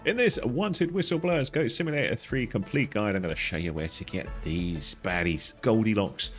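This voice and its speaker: A man's voice: animated, normal speed, fairly bright tone, soft background music. A man narrating a playful game walkthrough, joking and chatting to the characters as he plays. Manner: jokey, talks to characters in silly voices, jumps high in pitch. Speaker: gaming guide host.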